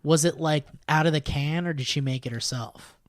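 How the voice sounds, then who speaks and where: A man co-hosting a comedy podcast in casual chat, excitable, often bursting into shouted play-acting. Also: on the high side, normal speed, no echo. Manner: excitable, acts out scenes in loud shouted voices. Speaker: podcast co-host.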